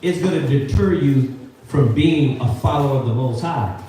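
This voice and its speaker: A man teaching a Sabbath scripture class, preaching in an animated, slangy way and firing questions at the group. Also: mid-range voice, normal speed, heavy reverb, far from the mic, a little hiss or hum, low-quality recording. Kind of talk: call-and-response scripture teaching. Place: classroom or meeting hall with a live group.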